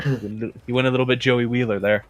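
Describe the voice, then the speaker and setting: A man narrating as game master in a relaxed, chatty way full of fillers. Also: mid-range voice, a little fast.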